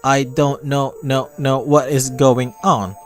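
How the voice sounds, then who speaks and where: A man voicing a frightened, glitching AI program with a halting robotic voice, reading a visual novel aloud over faint music. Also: medium pitch, little pitch movement, lightly acted. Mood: pleading. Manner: halting, stuttering repeats.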